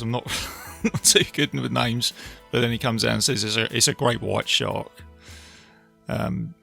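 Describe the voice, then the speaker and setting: A man hosting a podcast, casually retelling a film with animated asides to his listeners. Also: mid-range voice, creaky. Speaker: podcast host reviewing a film. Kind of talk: casual film review talk.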